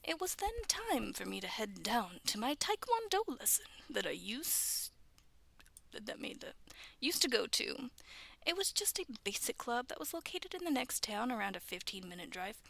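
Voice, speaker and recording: A woman's voice: a little high, big pitch swings, moderate pace, gravelly, a bit bright. A young woman casually reading stories aloud to viewers, stumbling over the text and breaking off for chatty, self-mocking asides. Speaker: video creator reading stories.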